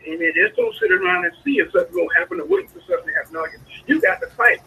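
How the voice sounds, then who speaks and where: A man preaching a sermon, a pastor calling out to his congregation with sudden high swoops in his voice. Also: wildly swooping pitch, racing, creaky, pushed and bright. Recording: lo-fi radio broadcast sound.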